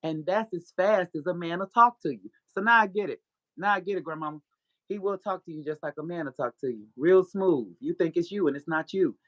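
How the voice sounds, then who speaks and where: Briskly and bluntly, a guest author tells her personal story, swearing freely, preaching spiritually at times and laughing a lot. Her voice is fairly low; the recording has no echo and a lo-fi quality.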